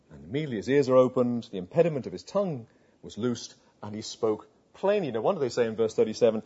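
Male preacher, earnest, rhetorical, mellow and husky; lo-fi recording. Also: medium pitch, expressive, fast. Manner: earnest storytelling with rhetorical questions, hushed at tender moments. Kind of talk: sermon. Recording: dull lo-fi sound.

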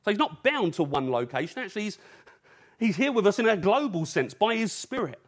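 A man's voice: high-pitched, very animated, fairly quick. A man from England preaching an evening sermon in an earnest, urgent way, using rhetorical questions.

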